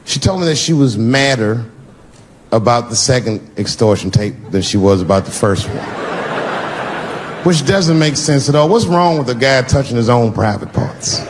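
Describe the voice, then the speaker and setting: A male stand-up comedian tells a story on stage with a lively, swooping delivery. He is punchy and profane and keeps slipping into other people's voices. Loud audience noise fills the live recording, over a voice of medium pitch. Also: normal speed. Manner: animated, switches into voices, swearing, punchy.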